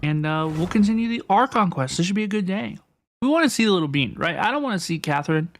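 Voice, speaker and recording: Quick and animated, this young man's high voice comes with a little hiss or hum in the background. He's gaming on a livestream, bantering playfully with viewers and repeating his phrases often.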